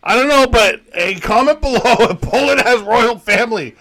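A man's voice: extremely high pitch, moderate pace, vocal fry, fairly bright tone. A man from Canada co-hosting a casual beer-tasting chat, joking around and swearing casually. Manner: joking, swears casually, goofy repeated words. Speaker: podcast co-host.

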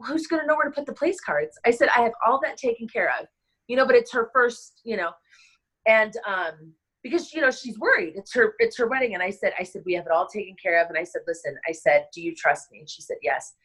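A woman wedding planner, middle-aged, telling a personal story in a casual interview, emotional and halting, with many restarts and fillers. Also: medium pitch, lively intonation, a bit bright, slightly rough, low-quality recording.

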